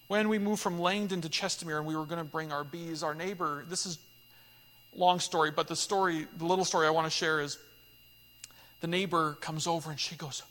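A man preaching a sermon in a high, bright, ringing voice. He tells stories earnestly and punches key lines with loud emphasis. The sound carries a long church-hall reverb. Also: brisk. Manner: earnest, animated storytelling with sudden loud emphatic peaks. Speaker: pastor.

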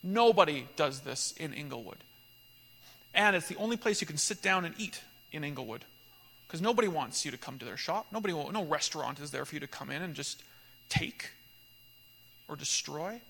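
Animated pastor preaching in a hall. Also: male voice, fairly high pitch, normal speed, gravelly, a little hiss or hum. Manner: earnest, animated storytelling with sudden loud emphatic peaks. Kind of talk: sermon.

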